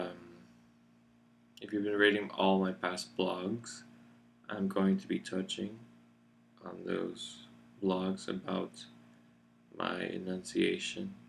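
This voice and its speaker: A man giving a reflective personal video update in a relaxed, grounded chest voice, unhurried and thoughtful as he searches for words. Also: sits low, vocal fry, slight background noise. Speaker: vlogger. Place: seated in a chair indoors.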